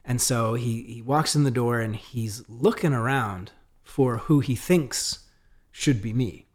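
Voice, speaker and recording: A man's voice: medium pitch, slow. A man, a podcast guest, telling a story in a casual way, acting out the dialogue of the people in it. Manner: animated, acts out quoted dialogue; frequent fillers and restarts.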